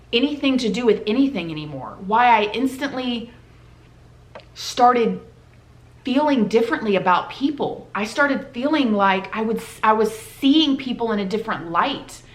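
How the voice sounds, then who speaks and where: A woman telling a personal story on her vlog in a casual, heartfelt, conversational way. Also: a little high. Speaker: vlogger. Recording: roomy echoey room.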